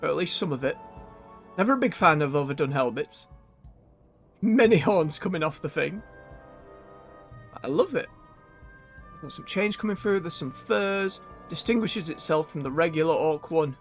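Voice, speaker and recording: A man's voice: on the high side, lively intonation, moderate pace, long pauses, faint music behind. A man chatting casually as he plays a video game on stream, thinking aloud and correcting himself.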